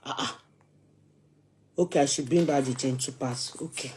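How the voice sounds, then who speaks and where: A woman with a Nigerian accent hosting a gossip stream, dramatic and animated, arguing back at viewers' comments. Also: extremely low pitch, normal speed, long pauses. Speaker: gossip channel host. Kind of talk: live chat commentary.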